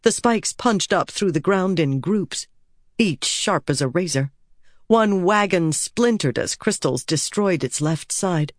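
Audiobook narrator: measured and steady, mid pitch, close, dry studio sound. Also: no echo. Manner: measured and steady, voicing characters. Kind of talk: scripted narration.

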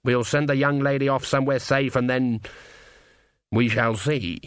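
A man's voice: medium pitch, steady tone, moderate pace, smooth, dry recording, studio quality, lightly acted. A man playing a stern, blunt old witch. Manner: blunt, commanding, terse.

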